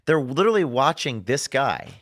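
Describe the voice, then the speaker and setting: A man guest on a talk show, telling stories in an animated way and acting out what others said. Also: mid-range voice, moderate pace, dry recording, clean studio sound. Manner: animated storyteller, acts out quotes. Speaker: guest, undercover journalist.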